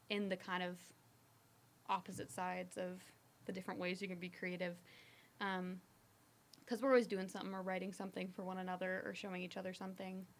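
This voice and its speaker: A young woman and trained singer chatting as a guest, talking with vocal fry. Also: on the low side. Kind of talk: casual chat.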